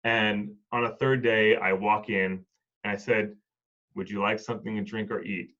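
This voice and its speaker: A man with a lowish voice tells stories from his hospice work in a relaxed talk, voicing the people in them as he goes. The recording sounds muffled and lo-fi. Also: normal speed. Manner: reflective, acts out dialogue in stories. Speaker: hospice and home health worker, former Marine. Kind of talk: casual storytelling conversation.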